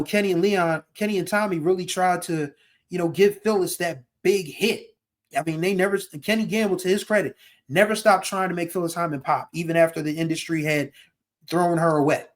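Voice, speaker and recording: A man hosting a casual music podcast, talking in a heartfelt, rambling way and now and then singing a line. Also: a little high. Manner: heartfelt, rambling, sings song lines. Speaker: podcast host.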